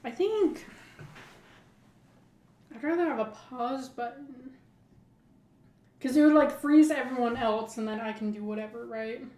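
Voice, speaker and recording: A woman with a fairly high voice chats casually as a podcast co-host. She rambles and fills her speech with "like". The sound is echoey, as if recorded in a bare room. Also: measured pace, pauses often, darkish tone. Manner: rambling, heavy use of "like". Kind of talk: casual chat.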